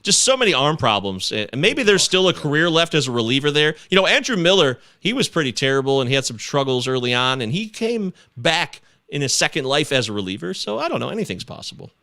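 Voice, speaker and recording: A man's voice: fairly high pitch, big pitch swings, fast, hardly any pauses, sharp tone, no room sound, clean studio sound. A man co-hosting a casual sports podcast, jokey and self-deprecating as he talks. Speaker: podcast co-host. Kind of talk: casual chat.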